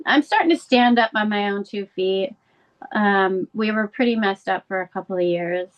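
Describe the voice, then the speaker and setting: A woman's voice: normal speed, muffled recording. A middle-aged woman speaking candidly as an interview guest, telling a painful family story in an earnest, emotional way. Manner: earnest, candid, rising pitch when emotional. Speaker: guest, bereaved mother and advocate.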